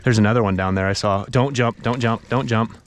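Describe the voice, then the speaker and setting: A young man narrating his fishing trip outdoors on a river, tired from paddling, bursting into excited exclamations and talking to the fish. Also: on the low side, fairly quick, slight background noise. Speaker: fishing vlogger. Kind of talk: casual narration while fishing. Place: outdoors on a river, in a kayak and wading.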